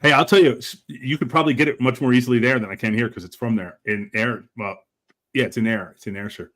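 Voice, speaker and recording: A man's voice: mid-range voice, quick pace, fairly bright tone. A man hosting a casual live show, chatting enthusiastically and telling stories. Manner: enthusiastic storyteller, laughs easily. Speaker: host. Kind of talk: casual chat.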